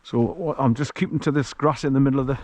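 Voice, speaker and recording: A man's voice: medium pitch, steady tone, fast talker, a little mellow, no room sound. Chatty man walking a hill track. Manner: chatty and rambling, with frequent chuckles. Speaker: vlogger walking his dog. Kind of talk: casual walk-and-talk narration. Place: outdoors on a hill track in the countryside. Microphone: action camera carried while walking.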